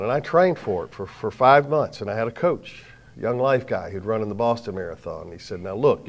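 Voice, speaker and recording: Middle-aged preacher, swinging soft to loud. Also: male voice, medium pitch. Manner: lively storytelling, swings from soft asides to loud bursts, self-mocking humor. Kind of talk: sermon. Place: before a live audience.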